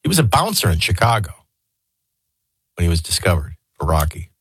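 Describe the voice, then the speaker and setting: A man hosts a morning radio show with a lively, swinging delivery and a slightly husky voice. He jokes and needles his co-hosts with a sarcastic bite. The studio sound is close and dry. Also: low voice, fairly quick, dry recording. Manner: animated, sarcastic and jokey. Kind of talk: casual radio talk.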